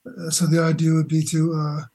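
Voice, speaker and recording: An older man, a philosopher guest on a remote call, talking in halting, searching sentences with many restarts. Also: a little high, completely flat delivery, warm tone, low-quality recording. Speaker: guest, philosopher and boxing coach. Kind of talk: conversational interview.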